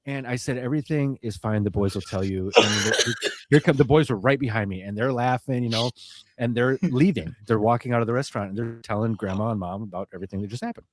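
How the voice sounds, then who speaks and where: A man's voice: medium pitch, fast, dry recording. A man hosting a podcast, telling a long funny story in a casual way, laughing often and swearing freely. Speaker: podcast host.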